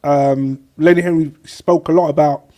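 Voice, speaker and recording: A man's voice: a little high, fairly even intonation, normal speed, dark tone. A man co-hosting a podcast, talking in long, thoughtful, rambling turns. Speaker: podcast co-host. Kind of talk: casual podcast chat.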